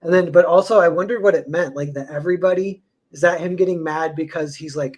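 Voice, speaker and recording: A man's voice: a little high, fast talker, few pauses, darkish tone. A young man co-hosting a casual podcast, rambling with lots of "like" and restarts. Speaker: podcast co-host, comics artist. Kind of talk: casual chat.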